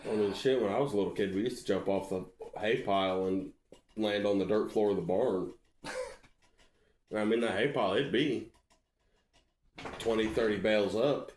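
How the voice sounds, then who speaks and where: A man with a lowish voice joins a casual conversation, adding dry jokes and short memories. The room is echoey, with faint noise behind him. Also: moderate pace, long pauses, a little mellow. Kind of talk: casual chat.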